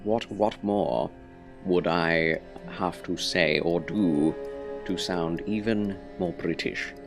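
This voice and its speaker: Deep, slow-talking male game streamer. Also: gravelly, music in the background. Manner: polite, formal, gentlemanly phrasing. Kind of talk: casual game stream commentary.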